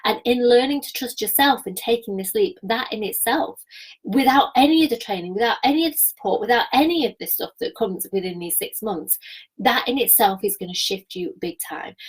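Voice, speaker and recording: A woman coaches her viewers on a livestream. Her voice sits slightly high, and she talks in an energetic, chatty way, laughing often. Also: slightly rough, low-quality recording. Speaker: business coach. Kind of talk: live-streamed coaching talk.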